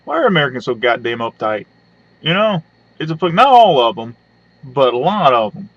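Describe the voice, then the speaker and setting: A man rants crudely and sarcastically into his webcam, rambling between hums and side remarks. The audio is dry and a little dull, like a cheap built-in mic. His voice sits at an ordinary pitch for a man. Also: sing-song, moderate pace, fairly bright tone, dry recording. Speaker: webcam vlogger. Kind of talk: profane comedic rant.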